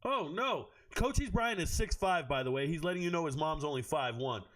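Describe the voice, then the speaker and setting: A man hosting a livestream, reading chat aloud and riffing on each pick with loud, profane joking. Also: fairly high pitch. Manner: quick, animated jumps between chat and draft picks. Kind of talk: casual livestream commentary.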